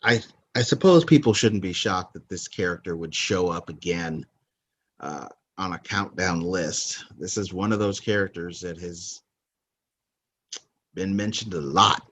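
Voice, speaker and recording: A man hosts a movie countdown podcast, talking casually in a rambling, opinionated way and often correcting himself. His low, husky voice moves a little slowly.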